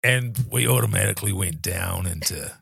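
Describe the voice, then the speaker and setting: A man's voice: low voice, normal speed, creaky, a bit bright, husky, dry recording, clean studio sound. A man with a New Zealand accent co-hosting a podcast, chatting casually in a rambling, self-deprecating way. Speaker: podcast co-host. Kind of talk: casual chat.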